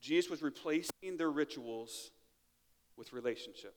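A man's voice: on the high side, normal speed, in a large hall. A man preaching a sermon in a church, talking in a conversational way and often checking in with "right?". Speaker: pastor. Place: church sanctuary.

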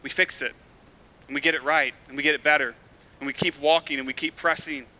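A man's voice: on the high side, steady tone, brisk, sharp tone. A male pastor preaching a sermon in a casual, conversational way, with emphatic, repetitive build-ups and frequent tag questions. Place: church.

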